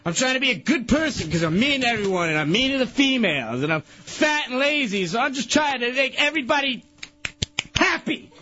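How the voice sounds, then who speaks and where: A man with a high, husky, bright voice whines and protests through a loose on-air chat. His pitch lurches up and down as he complains. The sound is dull and lo-fi, like an old radio broadcast. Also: very animated, a little fast. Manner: whiny, exasperated complaining, voice jumping up and down. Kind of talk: casual radio banter.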